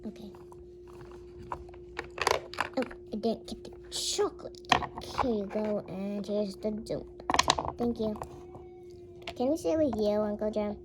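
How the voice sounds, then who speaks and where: A woman's voice: medium pitch, a little slow, pauses often. A young girl playing with toy figures, putting on voices for every character in a playful pretend story, squealing at times. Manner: switches between many character voices, excitable squeals. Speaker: toy play storyteller voicing all characters. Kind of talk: playful pretend play with toys. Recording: noisy home recording.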